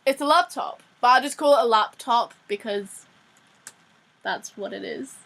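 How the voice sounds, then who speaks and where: A woman's voice: a little high, normal speed, gravelly, a bit bright. A young Australian woman with an Australian accent, chatting and giggling through a casual vlog lesson with frequent restarts. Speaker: vlogger teaching slang.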